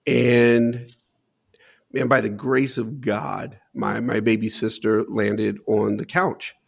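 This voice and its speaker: A man's voice: on the low side, little pitch movement, slow pace, gravelly, slightly rough. A man as an interview guest, earnestly telling a personal story and often repeating words as he searches for them.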